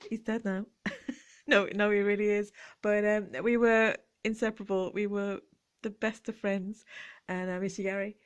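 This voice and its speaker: A woman chatting gently as she shows her vintage jewellery finds. She talks quietly, often slipping into whispers, with playful asides. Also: mid-range voice, clean tone. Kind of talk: relaxed show-and-tell chat.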